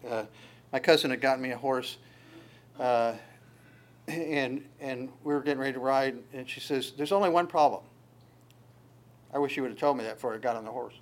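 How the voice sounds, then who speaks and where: A man's voice: medium pitch, fairly even intonation. A man teaching a sermon on a Bible passage in a conversational way, often stumbling and repeating words as he explains. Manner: halting, repeats words, frequent restarts; conversational, folksy storytelling. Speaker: pastor.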